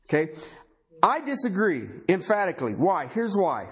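A man's voice: high voice, sing-song, normal speed. A man preaching a sermon, talking conversationally and emphatically and firing rhetorical questions at the congregation.

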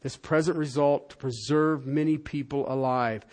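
A man preaching a sermon as a pastor, swinging from loud, rising proclamation to a hushed, soft prayer, in a church hall. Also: on the high side, moderate pace, few pauses.

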